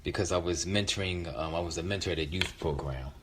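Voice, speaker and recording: A man telling a personal story in a reflective, halting way with many restarts. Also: low-pitched, noisy background. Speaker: featured storyteller.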